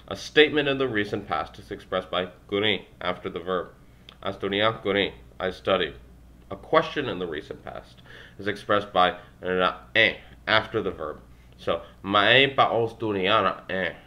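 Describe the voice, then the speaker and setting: A young man with a low, bright-edged voice reads through a language textbook aloud. He stumbles and corrects himself, dropping dry little asides between phrases. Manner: halting, self-correcting, wry asides. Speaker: language learner vlogger.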